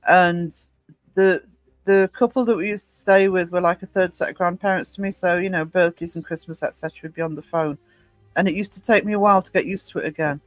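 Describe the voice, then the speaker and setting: A woman from Northumberland with a soft Northumbrian English accent, chatting casually as a podcast co-host, blunt and quick to swear. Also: on the low side, fairly even intonation, no room sound, soft background music, rough recording. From Northumberland, England. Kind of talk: casual chat.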